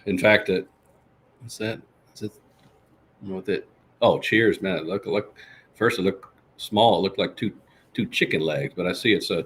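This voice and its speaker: A man with a somewhat low voice hosts a loose, chatty live show. He talks about himself in the third person with swaggering bravado and answers viewers' comments as they come in. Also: fairly bright tone, a little hiss or hum. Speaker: podcast host. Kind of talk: casual live-stream chat.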